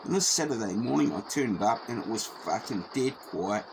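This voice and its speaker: A man's voice: fairly low pitch, lively intonation, moderate pace, vocal fry, a little hiss or hum, rough recording. A middle-aged man with a New Zealand accent telling a personal story casually, swearing freely and repeating himself as he goes.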